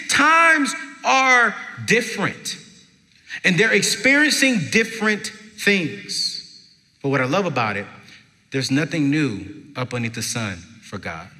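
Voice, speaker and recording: A man, a former youth pastor, telling an animated story to an audience and acting out his own reactions, in a large hall with a long reverb. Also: medium pitch. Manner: animated, jumps to shouting acted quotes. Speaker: speaker at a parenting event, former youth pastor. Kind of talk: stage storytelling. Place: event stage in a large hall.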